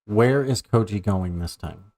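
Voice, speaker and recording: Man, game master, casual narration, lowish voice, relaxed. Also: unhurried.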